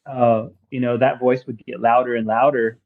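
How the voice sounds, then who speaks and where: A man talks through his past in a loose, halting way, stopping and restarting often and filling gaps with "you know." His voice sits in an ordinary middle range, and the recording sounds a bit dull and lo-fi. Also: mid-range voice, little pitch movement, gravelly. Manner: halting, many fillers and restarts. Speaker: podcast guest, tattoo artist. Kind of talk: casual conversational testimony.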